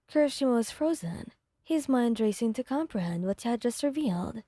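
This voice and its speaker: A woman narrating an ASMR fanfic reading in a soft, steady storytelling manner. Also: fairly high pitch, moderate pace, no echo, clean studio sound. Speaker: fanfic reader.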